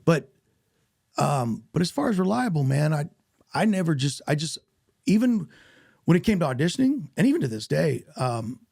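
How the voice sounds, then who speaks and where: A man with a Southern American accent, an actor guest talking earnestly in a casual interview, with a gravelly, husky voice. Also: a little high, normal speed, long pauses, no room sound, studio quality. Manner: earnest, animated storytelling with self-corrections.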